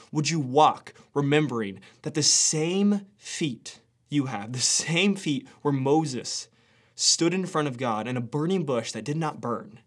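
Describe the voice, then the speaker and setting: A young man giving a casual devotional sermon as a pastor, telling stories with quick asides. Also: medium pitch, fairly bright tone.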